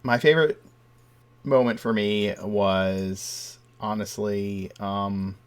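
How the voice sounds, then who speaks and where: A man as game master, talking over the session with his players, with pauses and fillers. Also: on the low side, steady tone, smooth. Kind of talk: post-session recap chat.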